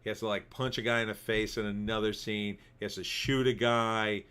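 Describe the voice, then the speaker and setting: A man's voice: lowish voice, level tone, brisk, bright, forceful tone, smooth. A man hosting a livestream, rambling casually as he reads viewer comments. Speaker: livestream host. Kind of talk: casual commentary reading chat.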